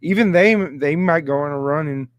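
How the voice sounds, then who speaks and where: A man's voice: on the high side, moderate pace, no room sound. A young man co-hosting a casual sports chat, hesitant and full of ums. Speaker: co-host.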